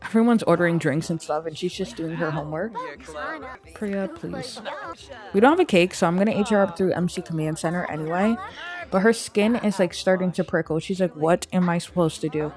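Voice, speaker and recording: A woman's voice: on the low side, fairly quick, darkish tone. Gameplay narrator, young woman, chatty, plays out her characters' thoughts, faint music under the voice. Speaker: gameplay streamer. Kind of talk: casual let's-play commentary.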